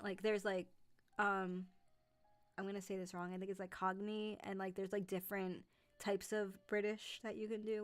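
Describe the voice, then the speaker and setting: A young woman chatting casually on a live stream, rambling, with many fillers and self-corrections. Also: mid-range voice. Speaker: streamer and narrator.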